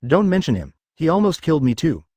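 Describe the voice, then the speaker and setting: A man's voice: a little high, big pitch swings, fast talker, warm tone, slightly rough, no room sound, voice pushed up. Hot-headed blunt young male ninja voiced by a synthetic man, dry audiobook read. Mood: angry.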